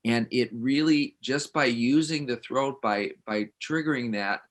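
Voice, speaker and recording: A man guides listeners through a breathing exercise at an unhurried pace. His voice sits at a middle pitch, and he speaks gently and calmly. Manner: slow, gentle and calm. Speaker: breathing instructor.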